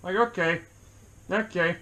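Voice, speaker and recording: A man's voice: high-pitched, measured pace, sharp tone. A man co-hosting a movie review, chatting casually, rambling with lots of fillers and laughing often. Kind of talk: casual chat.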